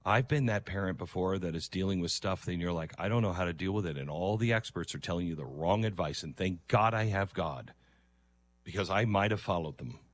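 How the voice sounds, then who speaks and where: A man's voice: sits low, a little fast. A middle-aged man commenting earnestly on a video, lecturing and sometimes mocking with impressions. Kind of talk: reaction commentary.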